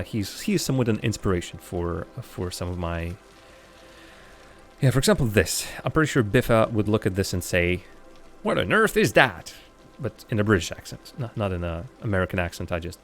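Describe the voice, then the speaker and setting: While playing a city-building game on a live stream, a man talks casually through his gameplay in a lowish voice. He reasons out loud, fills his speech with fillers, and teases himself over his errors.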